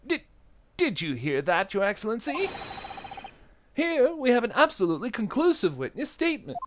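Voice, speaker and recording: A man voicing a stern, haughty male prosecutor in a courtroom game, with a dramatic, drawn-out delivery. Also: extremely high pitch, huge pitch swings, lo-fi sound, a little hiss or hum, pitched above the performer's own voice, full character voice. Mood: triumphant.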